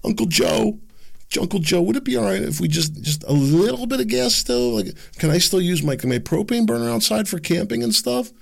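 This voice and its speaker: A timid, overly polite man pleading for permission in a raised, wavering voice, as a commentator puts him on. Gravelly edges creep into the meek delivery. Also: sits high, lively intonation, brisk, pitched above the performer's own voice, exaggerated voice. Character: timid male citizen begging permission.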